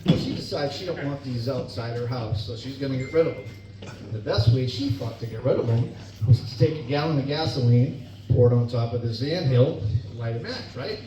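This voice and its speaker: A man's voice: mid-range voice, a little fast. A middle-aged man performing a stand-up comedy set on stage, telling folksy stories and laughing at his own jokes. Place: club or bar stage. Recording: echoey room, distant mic, dull, noisy.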